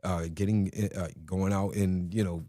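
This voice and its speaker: A police detective speaks as a guest in a studio chat, explaining his work plainly with frequent "you know"s. His voice sits a little low. The recording is dry and close. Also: a little slow, dry recording. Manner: relaxed, explanatory, many fillers like you know. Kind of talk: casual interview chat.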